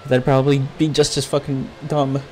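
A foul-mouthed, exasperated gaming YouTuber rants crudely at the game in profane Let's Play commentary, swearing constantly and talking to his character. His medium-pitched voice is delivered completely flat at normal speed, over music.

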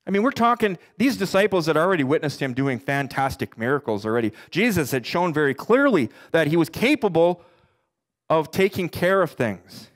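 A middle-aged pastor preaching a sermon earnestly, his voice climbing for emphasis and sinking low for the darker points. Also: lively intonation. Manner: earnest preaching, rising and dropping in pitch for emphasis; quotes scripture in slow deliberate voice.

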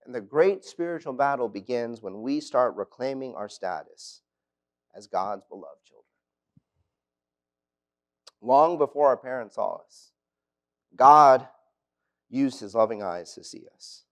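A man of middle pitch delivers a sermon in a church auditorium. He preaches earnestly and keeps it personal, leaning on family stories. His voice sits in an ordinary range, neither high nor low. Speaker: preacher at youth lectures.

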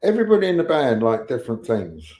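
A man's voice: mid-range voice, wildly swooping pitch, fast, dark tone. A man, telling rambling anecdotes as a guest on an online interview show and acting out the lines he quotes. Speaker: guest musician.

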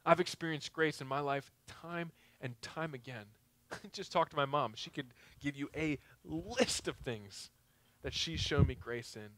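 High, bright-voiced preaching man. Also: unhurried, dry recording. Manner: conversational, joking asides, swings between loud and quiet. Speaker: pastor. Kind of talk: sermon.

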